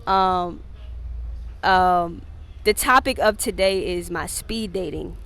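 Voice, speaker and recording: On her own podcast, a woman chats casually and solo in a lowish voice at a slow pace. She's candid, swears a lot, laughs often, and gets animated acting out what people said.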